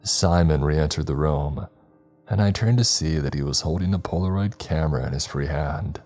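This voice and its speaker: A man giving a grave, measured, scripted horror narration. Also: a bass voice, darkish tone, soft background music.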